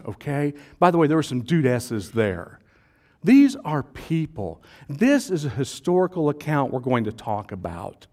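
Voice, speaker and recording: Playful joking pastor. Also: male voice, a little high, a little mellow. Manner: playful, jokey, acts out voices of the crowd. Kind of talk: casual conversational preaching.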